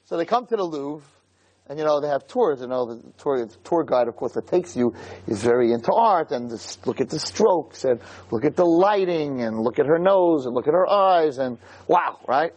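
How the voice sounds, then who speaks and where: A man delivers a Torah lecture in a lively, swooping voice with a husky grain. His pitch sits a little above average for a man, and he keeps firing off rhetorical questions. He preaches with storytelling energy. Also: moderate pace.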